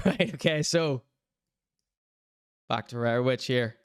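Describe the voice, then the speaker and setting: A man's voice: mid-range voice, animated, slow pace, clear, resonant tone, no echo, studio quality. A man hosting a podcast, commenting on viral clips in a casual, chatty and sarcastic way, laughing often. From Northern Ireland. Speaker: podcast host reviewing clips.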